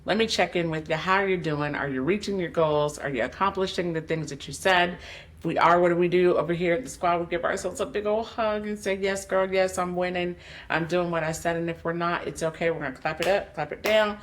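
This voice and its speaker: A woman's voice: fairly low pitch, a little fast. Woman coach, solo podcast host, open and emotional, speaks right to her audience. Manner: candid, emotional, speaks directly to listeners. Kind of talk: personal motivational podcast monologue.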